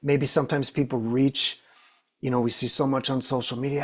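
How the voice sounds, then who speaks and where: A man of middle pitch hosts a drumming podcast. He talks casually and rambles through his questions, with many fillers and restarts. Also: little pitch movement, normal speed. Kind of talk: podcast interview.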